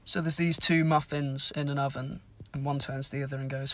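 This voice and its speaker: A social media creator telling dry one-liner jokes in a quiet, deadpan way from inside a car. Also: mid-range voice, fairly quick, a little hiss or hum. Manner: soft-spoken, dry delivery of one-liners.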